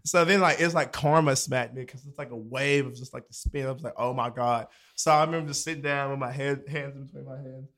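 A man's voice: mid-range voice, fairly quick, hardly any pauses, a bit bright. A young man in casual chat, telling a loose, profanity-laced story full of slang and acted-out quotes.

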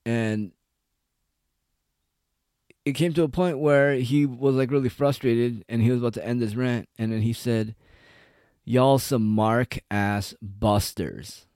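A man's voice: medium pitch, fairly even intonation, moderate pace, long pauses, a little mellow, dry recording, studio quality. A man giving a casual, rambling, profane rant as an online commentator. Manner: profane, rambling, heavy on "like" and "dude".

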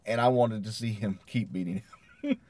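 A man's voice: fairly low pitch, normal speed, a little mellow. A man co-hosting a podcast, agreeable and laid-back, chuckling as he chats. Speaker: podcast co-host. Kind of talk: casual wrestling review chat.

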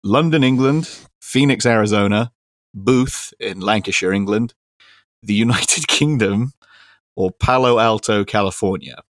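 Give me a low-pitched man hosting a podcast, dry and teasing, in a dead room. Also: unhurried, no echo. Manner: dry, teasing, rambling with many fillers. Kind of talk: casual chat.

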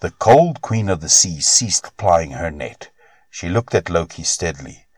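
A man reading old Norse myths aloud as a storybook narrator in a measured, expressive way. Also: sits low, slightly rough, no echo.

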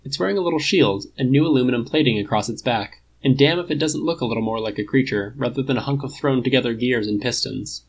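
A man's voice: medium pitch, fast talker, hardly any pauses, slight background noise, rough recording. A man narrating a fan-fiction story in a casual, wry reading style. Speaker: podfic reader.

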